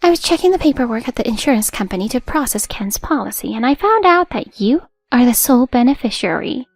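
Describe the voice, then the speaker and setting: A woman voicing a desperate, debt-ridden young widow who turns accusing and sharp. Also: a little high, very animated, quick pace, dry recording, soft background music, voice pushed up. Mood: angry.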